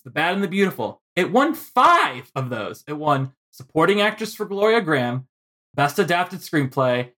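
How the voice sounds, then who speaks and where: A man's voice: a little high, fairly bright tone. A man hosting a film podcast, chatting playfully and laughing often as he runs through award stats. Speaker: podcast host. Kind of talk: casual podcast chat.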